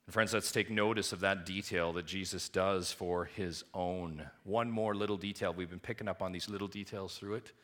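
A man preaching a sermon to his congregation, with booming high emphasis that drops to quiet, hushed lows. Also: fairly even intonation, moderate pace, hardly any pauses. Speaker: pastor.

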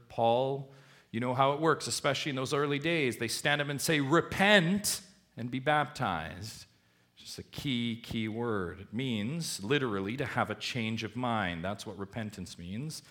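A man preaching a sermon, pushing his voice up high on key points and letting it drop low at the ends of lines. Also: fairly bright tone. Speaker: pastor.

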